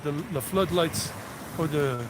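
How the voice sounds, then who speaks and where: A man's voice: on the high side, measured pace. Rambling American man on a street tour. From United States. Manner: rambling, repeats himself, sings song snippets. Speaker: vlog host giving a walking tour. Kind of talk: casual live-stream walking tour. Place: outdoors on city streets. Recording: outdoor street noise behind voice.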